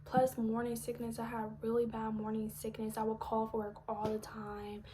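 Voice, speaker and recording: A young woman telling a personal story on a live stream, speaking softly and slipping into a breathy near-whisper as she holds back tears. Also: on the high side, monotone, moderate pace, slight background noise. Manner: soft-spoken, drops often into a breathy near-whisper. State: emotional, holding back tears.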